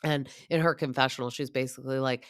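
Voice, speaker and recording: A woman's voice: very deep voice, steady tone, fast, clear, resonant tone, no room sound, clean studio sound. A woman in her thirties giving a chatty, gossipy recap of a reality show, full of asides and quoted lines. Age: 30s. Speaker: podcast host.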